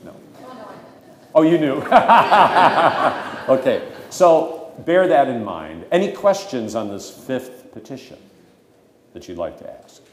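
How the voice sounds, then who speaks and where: A man's voice: mid-range voice, big pitch swings, measured pace, warm tone. A man who is a pastor teaching a catechism class, emphatic and conversational with dry humor. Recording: echoey room with faint ambient noise.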